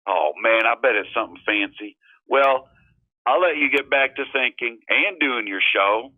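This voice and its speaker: A man's voice: medium pitch, moderate pace, no room sound, lightly acted. A man on a phone call, putting on a glib, boastful politician for laughs. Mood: smug bluster. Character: smug man playing a hard-line politician. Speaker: caller. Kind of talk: comedy impression call-in. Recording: tinny dry phone line.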